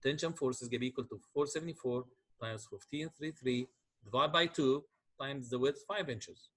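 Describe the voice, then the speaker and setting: Man, husky, middle-aged, lecturing step by step, mid pitch. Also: normal speed, a bit bright. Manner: explains step by step, asks checking questions. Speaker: engineering lecturer. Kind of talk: classroom lecture.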